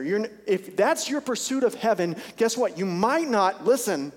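With a high, animated voice, a male pastor preaches fairly quickly and with hardly any pauses in a church sanctuary during a service. He is earnest and intense, repeating phrases for emphasis, and the hall's long reverb is audible.

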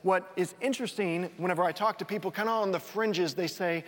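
A man preaching a sermon as a pastor, in a conversational way, often restarting and repeating words and dropping to a soft voice for emphasis. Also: sits high, fairly quick, few pauses. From North Texas. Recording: reverberant hall.

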